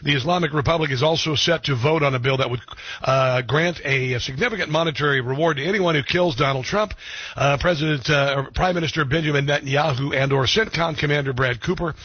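Male talk radio host, husky and dry, blunt opinions, halting delivery with lots of fillers. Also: on the high side, no room sound, lo-fi sound. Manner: blunt, opinionated, many ums and restarts. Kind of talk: political talk radio commentary.

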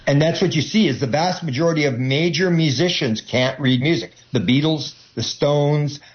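A man's voice: on the high side, moderate pace. Rambling man with many restarts, lo-fi audio. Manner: rambling, many restarts, acts out quoted voices. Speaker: interview guest. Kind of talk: casual rambling talk.

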